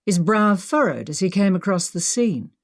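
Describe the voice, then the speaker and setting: A woman narrating an adventure audiobook in a steady, clear storytelling voice. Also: medium pitch, moderate pace. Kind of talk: scripted narration.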